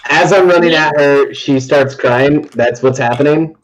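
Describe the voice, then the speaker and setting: A man's voice: a little high, measured pace, a crowd in the background. Guy playing a tabletop game, jokey, muffled lo-fi sound. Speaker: player. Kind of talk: casual tabletop play.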